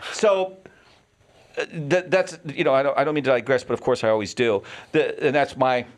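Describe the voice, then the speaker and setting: A man's voice: mid-range voice, moderate pace. A man around sixty, talking as a podcast guest in a casual interview, who repeats words and digresses as he explains his views.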